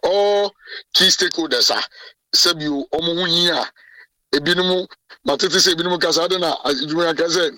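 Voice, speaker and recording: A Ghanaian man speaks emphatically in a radio interview, often restarting his sentences. His voice is bright and forceful, and it sits a little high. He is heard from some distance in a dry recording. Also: normal speed, no room sound. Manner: code-switching, emphatic, frequent restarts. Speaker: president of a journalists' association.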